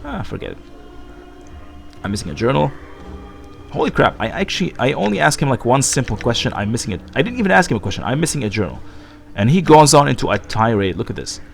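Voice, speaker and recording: This let's play host sounds unwell as he talks through the game in a meandering, filler-heavy way, also voicing the on-screen dialogue. His medium-pitched, creaky voice swings widely in pitch and moves quickly, with soft music playing underneath.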